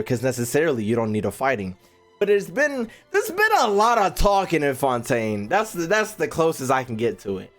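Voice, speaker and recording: A young man, a gaming YouTuber, ranting casually and animatedly, swearing and repeating himself as he ranks game regions. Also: on the high side.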